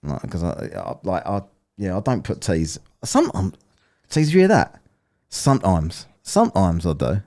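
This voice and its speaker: Sweary man, lively low voice. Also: normal speed. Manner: sweary, mocking banter. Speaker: livestream host. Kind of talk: casual livestream chat.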